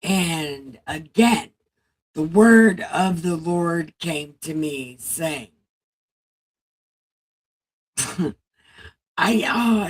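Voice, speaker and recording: A woman reading the Bible aloud on a casual livestream, halting over the text and breaking off into chatty, salty asides. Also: low voice, breathy edge, poor audio.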